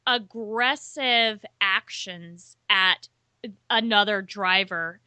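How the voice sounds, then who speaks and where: A woman's voice: mid-range voice, drawn-out words, bright, forceful tone, clear, resonant tone, dry recording. A woman co-hosting a podcast in casual chat, talkative, laughing often and explaining with statistics. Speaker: podcast co-host.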